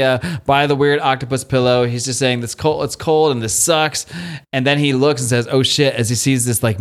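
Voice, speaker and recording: Male podcast host, mid-pitch, lively recap delivery, casual swearing. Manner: animated retelling, quoting characters, swears casually. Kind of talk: casual chat recapping a comic.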